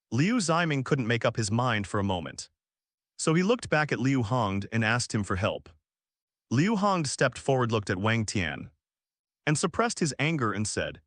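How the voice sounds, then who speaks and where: A man narrating a translated web novel as an audiobook in a lively storytelling way. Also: medium pitch, no room sound, studio quality.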